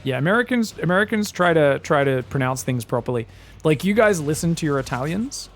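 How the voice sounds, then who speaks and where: An Australian man with a slightly higher voice and a gravelly edge, chatting and joking through live esports commentary. He rambles casually between the game calls. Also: animated, fairly quick, soft background music. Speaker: esports caster.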